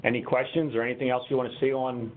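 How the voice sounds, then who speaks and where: A man presenting a technical webinar, talking through software steps on screen in a conversational, explanatory way. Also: mid-range voice, little pitch movement, fast talker. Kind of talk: conversational software demo walkthrough. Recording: tinny phone-line webinar audio, faint noise.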